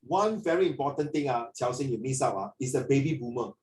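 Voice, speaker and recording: A man, teaching a classroom lesson in an animated way and mixing in Mandarin. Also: mid-range voice, fast. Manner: animated, mixes in Mandarin, frequent "ah" tags. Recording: echoey classroom from a distance.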